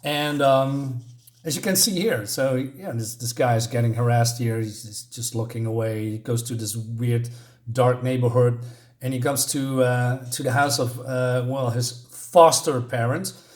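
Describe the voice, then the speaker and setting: Halting, rambling male comic reviewer. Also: mid-range voice, steady tone. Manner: halting, rambling, many restarts.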